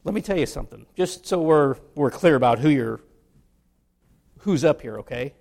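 A pastor preaching a sermon to his congregation, his voice a little higher than most men's and noticeably gravelly. He moves between earnest teaching and playful, humorous asides. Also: animated, normal speed, darkish tone.

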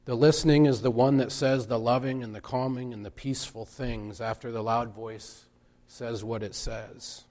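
A man giving a reflective sermon, speaking in a measured way and pausing for emphasis. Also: mid-range voice, steady tone, a little mellow. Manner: slow, measured, with pauses for emphasis. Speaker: preacher.

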